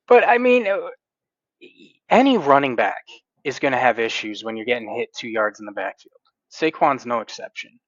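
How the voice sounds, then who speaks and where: A man's voice: medium pitch, expressive, normal speed, long pauses, a bit bright, no room sound. A man co-hosting a casual sports podcast who talks emphatically, like a passionate fan. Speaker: podcast co-host. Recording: dull lo-fi recording.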